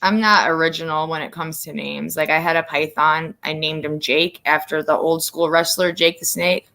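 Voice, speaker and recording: A woman's voice: low voice, fairly even intonation, normal speed, vocal fry, sharp tone. A middle-aged woman from the northern US hosting a casual livestream chat, rambling with lots of fillers. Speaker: livestream host.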